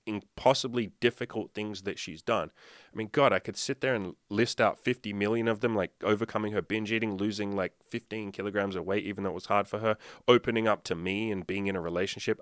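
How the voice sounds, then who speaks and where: Young man, coach, low voice, close dry sound, casual and profane monologue. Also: a bit bright, no echo. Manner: profane, emphatic storytelling. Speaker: dating and self-improvement coach.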